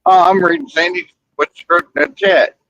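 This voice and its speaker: A man's voice: high-pitched, fairly even intonation, fairly quick, pushed and bright, no room sound. A man co-hosting a casual live stream, teasing the host and reading messages from the chat. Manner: teasing, chimes in and reads from the chat. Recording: dull, dry lo-fi sound.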